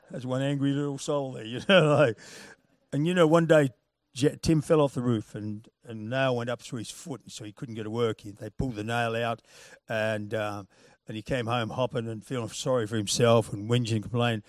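A man preaching a sermon, moving from loud, punchy calls to quiet, chuckling storytelling. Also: medium pitch, normal speed, no room sound, studio quality.

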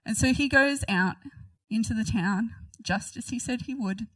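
A woman's voice: on the high side, normal speed, a bit bright, dry recording, recorded from a distance, poor audio. Woman, casual Bible study, reads scripture then chats about it, dry sound, a bit off mic. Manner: chatty, giggly, reads scripture aloud then comments. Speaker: Bible teacher. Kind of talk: casual Bible reading and commentary.

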